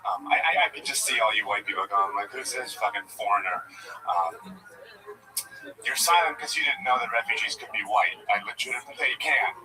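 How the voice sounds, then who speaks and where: A young man from Ukraine doing a stand-up set, halting and self-deprecating. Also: lowish voice, crowd noise, poor audio. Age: young adult. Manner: hesitant, self-deprecating delivery. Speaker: stand-up comic.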